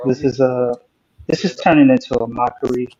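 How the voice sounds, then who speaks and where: A man's voice: mid-range voice, steady tone, brisk, background noise. A man co-hosting a casual live stream from his phone, joking around and slipping into mock-formal speech. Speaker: co-host. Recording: dull lo-fi phone audio.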